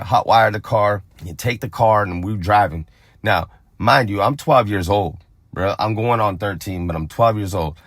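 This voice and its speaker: A man's voice: fairly low pitch, no room sound, clean studio sound. A young adult man from Phoenix tells a street story in a casual, profane way and acts out other people's lines. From Phoenix, Arizona. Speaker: storyteller on a vlog channel.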